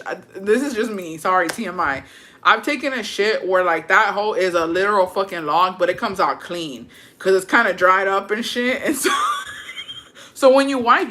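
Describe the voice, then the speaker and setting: Bright-voiced, foul-mouthed woman chatting. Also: mid-range voice. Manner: crude, profane, laughing storytelling; mixes Spanish words into English. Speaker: content creator reading viewer stories. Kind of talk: casual chat.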